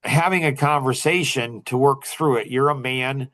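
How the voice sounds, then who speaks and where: A man's voice: mid-range voice, moderate pace, a bit bright. A middle-aged man leading a young men's group talk, rambling with many restarts and fillers.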